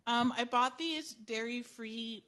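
A woman runs a casual political talk podcast, her voice pitched a little above average. She talks loosely and warmly with her guests and often laughs at herself. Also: slow pace. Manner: chatty, self-deprecating, laughs often. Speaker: podcast host.

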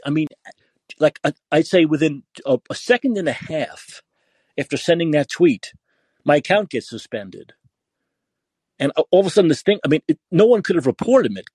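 A man's voice: fairly high pitch, a little mellow, slightly rough, no echo. A man hosting a podcast and delivering an angry political rant, full of cursing and repetition. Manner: angry, profane, repetitive ranting. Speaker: podcast host.

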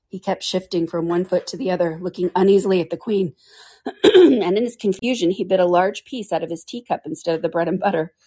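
Brief: woman storyteller, breathy-husky tone, steady read-aloud. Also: lowish voice, brisk. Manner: clears throat now and then. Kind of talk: reading a classic storybook aloud.

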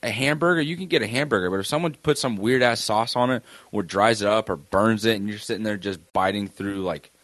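A man's voice: fairly low pitch, a little fast, few pauses, a bit bright, no room sound. A young man co-hosting a podcast, chatting in a laid-back, joking way and swearing casually. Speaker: podcast co-host. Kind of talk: casual chat.

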